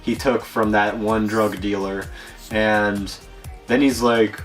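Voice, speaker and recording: A man's voice: on the low side, flat delivery, takes it slowly, far from the mic, soft background music. A man co-hosting a casual movie review, rambling with fillers and frequent laughter. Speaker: podcast co-host.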